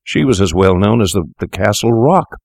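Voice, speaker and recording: A man's voice: lowish voice, lively intonation, moderate pace, gravelly, darkish tone, no echo, clean studio sound. A man reading an audiobook, voicing an anxious young male medical student who sounds uneasy and protesting.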